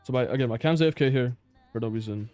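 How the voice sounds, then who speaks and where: A man's voice: medium pitch, quick pace, a little mellow, soft background music. Exasperated man breaking down match footage. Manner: blunt, exasperated, swears and laughs in disbelief. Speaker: player reviewing his own match footage. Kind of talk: casual gameplay review commentary.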